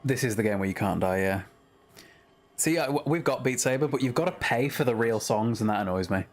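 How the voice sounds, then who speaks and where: A man's voice: mid-range voice, animated, brisk, a little hiss or hum. A man chatting casually with viewers while streaming a game, swearing freely and grumbling at the controls. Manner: swears a lot, chatty and frustrated at games. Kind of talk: casual gaming stream chat.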